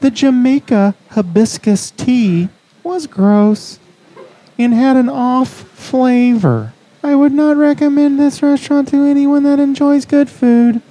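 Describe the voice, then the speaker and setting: A man putting on a high, whiny voice as a fussy female restaurant reviewer. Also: takes it slowly, dark tone, low-quality recording.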